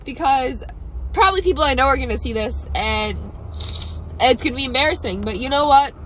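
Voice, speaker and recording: A young woman speaks through tears in a distraught, rambling confession to her camera. Her voice is high and bright. A faint hum sits in the background. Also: lively intonation, a little fast, poor audio. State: crying. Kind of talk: confessional vlog.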